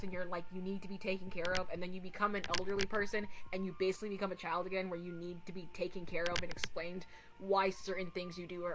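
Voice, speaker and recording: A woman livestreaming from a home setup, with a bright, forceful voice that carries over a faint hiss. She rambles in casual chat, animated and quick to swear or giggle. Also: mid-range voice, rough recording. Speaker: streamer.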